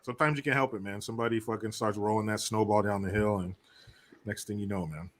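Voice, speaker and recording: A man's voice: lowish voice, fairly even intonation, fast talker, a little hiss or hum. Profane joking male podcast host. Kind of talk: casual chat, reading news aloud.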